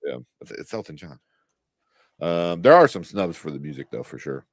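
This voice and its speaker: Deep-voiced man chatting casually. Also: sing-song, normal speed, no room sound. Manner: rambling, many fillers and restarts. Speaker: podcast co-host. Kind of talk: casual chat.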